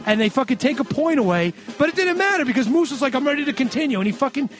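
A man's voice: very high-pitched, big pitch swings, fast talker, soft background music. A man recapping a wrestling show on a podcast in a sarcastic, ranting way with lots of swearing. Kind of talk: casual profane recap.

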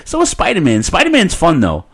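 A man, hosting a casual podcast chat in a rambling, profane, animated way. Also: on the high side, a little fast, husky. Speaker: podcast host.

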